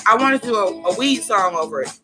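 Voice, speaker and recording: Chatty woman livestreaming over loud music. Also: mid-range voice, expressive, fast talker. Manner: loose and chatty, swears freely, bursts into singing along. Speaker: livestream host. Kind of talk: casual livestream chat reacting to music. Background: loud music playing.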